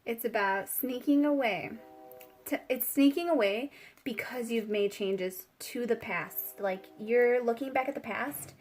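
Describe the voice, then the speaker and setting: Woman tarot reader, young adult, fairly high voice, loose rambling delivery with frequent giggles. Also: unhurried. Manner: rambling, giggly, chatty with many fillers. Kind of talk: casual spiritual tarot reading.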